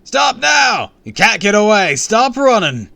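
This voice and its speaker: A man voicing a stern male security guard who shouts orders while reading a storybook aloud. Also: high voice, sing-song, measured pace, vocal fry, dry recording, pitched above the performer's own voice, full character voice. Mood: commanding.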